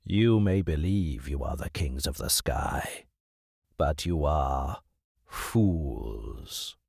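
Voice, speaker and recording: A man voicing a proud, condescending male hawk with a deep, unyielding voice in an audiobook story. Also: animated, gravelly, darkish tone, slightly rough, dry recording, studio quality, heavily acted. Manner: slow, condescending.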